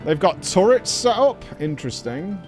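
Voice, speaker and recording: A man's voice: high-pitched, big pitch swings, normal speed, soft background music. A man with a Northern English accent, chatting casually as he streams a game, swearing freely and rambling in banter. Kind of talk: casual live-stream commentary.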